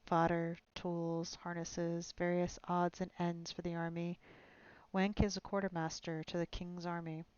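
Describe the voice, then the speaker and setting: A woman doing a gruff boastful dwarf. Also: fairly low pitch, little pitch movement, a little slow, darkish tone, dry recording, highs cut off, close to an everyday voice. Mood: blunt. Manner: blunt, matter-of-fact.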